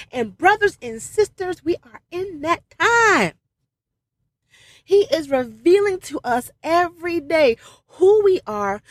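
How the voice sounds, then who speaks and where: Woman, fervent preacher to her followers, emphatic, higher-pitched, dry close sound. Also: dry recording. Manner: emphatic and repetitive, with brief self-amused laughs. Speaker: religious video speaker. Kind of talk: fervent spiritual address to followers.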